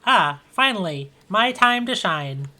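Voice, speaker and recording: A woman game master voicing a pompous propaganda robot advisor that makes slow, formal proclamations. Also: medium pitch, expressive, sharp tone, voice pushed up.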